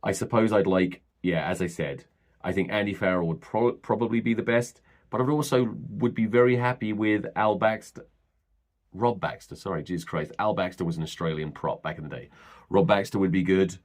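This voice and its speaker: Deep-voiced man ranting on a podcast. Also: brisk. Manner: rambling, sweary, blunt. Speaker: podcast host. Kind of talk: solo podcast rant.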